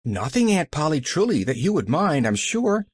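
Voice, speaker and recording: A man's voice: on the high side, very animated, moderate pace, husky, no room sound, clean studio sound, voice pushed up. A man doing an eager chattering little girl. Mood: cheerful. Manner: breathless, rambling, cheerful.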